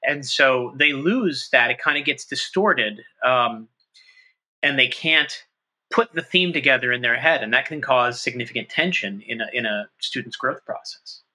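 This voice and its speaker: A middle-aged man, a trumpet professor, talking through his ideas in an interview, animated and thinking aloud with quick restarts. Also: medium pitch, rough recording. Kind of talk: conversational interview.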